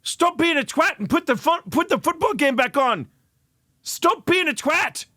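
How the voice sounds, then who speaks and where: A man's voice: very high-pitched, expressive, measured pace, bright, forceful tone, no echo, clean studio sound, pitched above the performer's own voice, full character voice. A man putting on a Manchester accent to voice a grumpy ghost scolding over the football. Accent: put-on Manchester.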